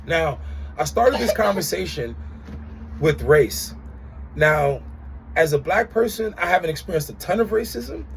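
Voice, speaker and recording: A man's voice: high voice, vocal fry, a little hiss or hum. A young man telling an exasperated story about an insurance claim in a casual vlog rant, acting out the other people's lines. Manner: animated, exasperated storytelling with acted-out quotes. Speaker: customer reviewing an insurer.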